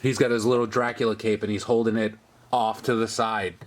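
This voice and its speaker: A man's voice: fairly low pitch, little pitch movement, brisk, crowd noise. A man hosting a casual toy review, chatting upbeat as he points out details on each figure. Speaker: host of a toy review channel.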